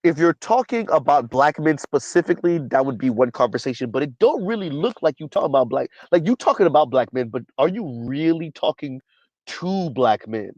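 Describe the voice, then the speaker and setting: A man's voice: a little high, lively intonation, a little fast, darkish tone, dry recording, lo-fi sound. A man hosting a casual commentary stream who reads viewer comments aloud, keeps asking "right?", and has a dry cough. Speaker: commentary channel host.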